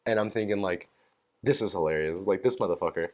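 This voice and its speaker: A man's voice: sits low, quick pace, darkish tone. A young man hosting a solo podcast, telling a story in a rambling, profane way with plenty of fillers and amused laughs. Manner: amused, laughs at own stories. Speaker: podcast host. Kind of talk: casual solo rant.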